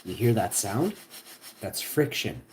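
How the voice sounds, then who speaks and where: A man hosting a casual live cooking stream, talking to his chat in a boastful, excitable way with plenty of swearing. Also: lowish voice, slow pace, slight background noise.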